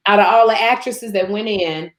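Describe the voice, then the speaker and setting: A woman from Chicago, a guest telling lively stories in casual chat, laughing and acting out quotes. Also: moderate pace. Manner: animated, laughs often, acts out quotes in higher voice. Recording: roomy echo.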